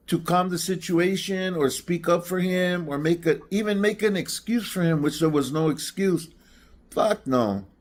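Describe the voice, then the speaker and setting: An older man in a played clip, ranting defensively and stumbling over his words. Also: on the high side. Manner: stammering, defensive. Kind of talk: casual ranting monologue.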